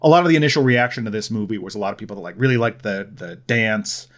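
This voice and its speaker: Talking fast in a fairly low, fairly bright voice, a Midwestern American man co-hosts a casual film-review podcast. He works through a movie in a wry, opinionated way, thinking out loud.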